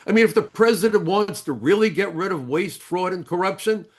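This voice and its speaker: A man's voice: high voice, brisk. An older man, a retired immigration agent, speaking as an interview guest with blunt, emphatic storytelling.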